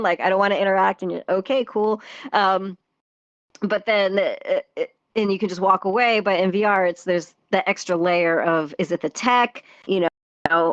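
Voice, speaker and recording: A woman's voice: mid-range voice, no echo, dull audio. A woman guest on a casual podcast interview, a theatre performer and dance teacher, talking in a chatty way with frequent laughs, fillers and restarts. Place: virtual reality social world voice chat.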